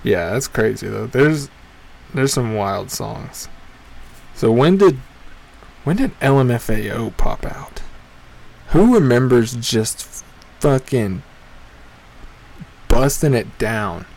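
A man in his twenties hosting a show, telling a crude, rambling, profane comedic story with sudden loud jumps in pitch for emphasis. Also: lively intonation, slow, creaky, pauses often. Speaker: podcast host. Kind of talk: casual comedic monologue.

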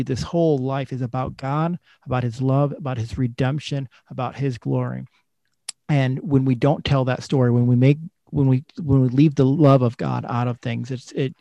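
A man's voice: mid-range voice, creaky, mellow, dry recording. A man co-hosting a faith talk show, emphatic and exclaiming often. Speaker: podcast co-host. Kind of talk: casual Christian talk.

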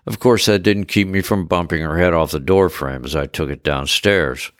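A man narrates a first-person story in a wry, conversational manner. His voice sits very low. The recording is dry and close. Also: moderate pace, a bit bright, no room sound.

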